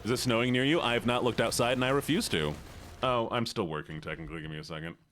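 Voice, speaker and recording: A man's voice: medium pitch, fast, fairly bright tone, a little hiss or hum. A man live streaming a game, talking casually and rambling in a jokey way with his chat.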